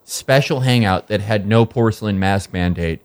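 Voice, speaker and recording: A man's voice: fairly low pitch, normal speed, a little mellow. A man playing a tabletop game, speaking in character with impassioned, rambling talk. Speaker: player. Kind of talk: in-character role-play.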